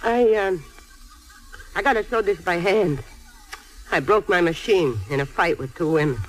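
An actress playing a blunt, grieving widow and seamstress. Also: female voice, fairly low pitch, unhurried, natural voice, rough recording. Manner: blunt, scolding then tender. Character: fiery grieving Italian-American widow seamstress. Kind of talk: stage or film drama acting.

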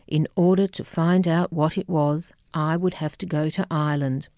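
A woman narrates an audiobook memoir in a low, mellow voice, taking her time over each phrase. Her manner is wry and reflective, and the close studio recording is dry. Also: fairly even intonation, normal speed, no room sound.

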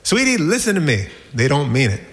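Brief: man doing a tender young mom, raised pitch, coaxing sing-song delivery. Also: huge pitch swings, fairly quick. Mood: soothing. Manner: high, sing-song reassuring tone. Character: gentle, soothing young mother comforting her son.

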